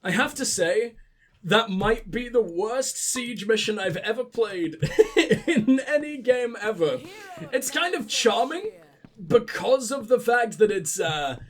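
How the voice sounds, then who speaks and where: A man's voice: high voice, expressive, a little slow, fairly bright tone. A young man with sniffles, commentating his gameplay in a profane, rambling, joking way. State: sick with sniffles. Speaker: let's play host.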